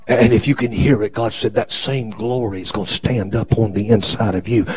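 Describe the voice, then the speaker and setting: A man preaching a live sermon as a bishop, with a preacher's cadence that swings from shouting to hushed tones. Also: on the low side, steady tone, normal speed, hardly any pauses, husky.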